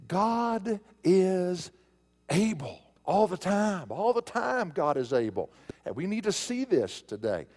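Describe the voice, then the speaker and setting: A man's voice: medium pitch, mellow. A man preaching a sermon as pastor, leaning hard on key words and stretching them out for emphasis.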